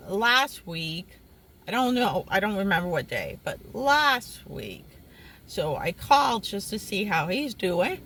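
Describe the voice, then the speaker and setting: A young woman telling a personal story in a casual vlog, animated and exasperated, with sudden jumps in pitch. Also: slight background noise, low-quality recording. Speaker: vlogger.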